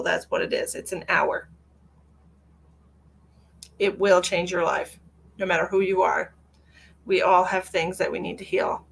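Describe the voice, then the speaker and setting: A woman's voice: medium pitch, creaky, a bit bright. A woman psychic medium on a live stream, answering viewer comments in a blunt, lecturing way and repeating phrases for emphasis. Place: at home with her cat.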